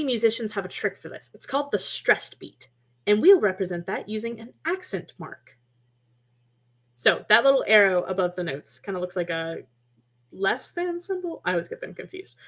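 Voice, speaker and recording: Woman, mid-pitched voice, webinar teacher, friendly and explanatory, casual asides, computer mic. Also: a bit bright. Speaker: webinar presenter teaching poetry through music. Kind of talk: online teaching presentation.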